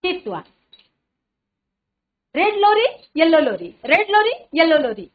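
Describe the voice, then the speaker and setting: An Indian English headmistress teaches an online English class in an extremely high, sing-song voice, encouraging her students and repeating her phrases. She rattles off tongue twisters quickly, and the audio sounds narrow, like a phone line.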